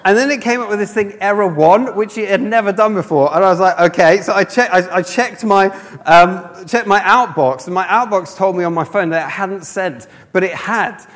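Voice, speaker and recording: A man's voice: high-pitched, moderate pace, fairly bright tone. A young man from the north of England telling a humorous, self-mocking story in a sermon, acting out the dialogue. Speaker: speaker. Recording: long hall reverb.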